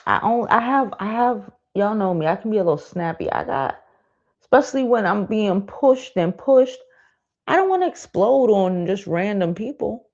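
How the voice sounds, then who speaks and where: A woman's voice: medium pitch, lively intonation, normal speed, darkish tone. 30s woman ranting on her stream, cusses a lot, voice jumps all over, kinda muffled lo-fi sound. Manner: blunt, profane, venting. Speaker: livestream host. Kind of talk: casual live-stream rant. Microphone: streaming mic. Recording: dull lo-fi stream audio.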